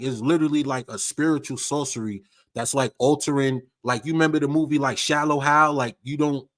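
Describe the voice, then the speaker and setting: Dude going off on his stream, cussing a lot, repeating himself, slangy rant. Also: mid-range voice. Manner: profane, animated, repetitive slang-heavy ranting. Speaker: livestream host. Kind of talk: casual ranting commentary.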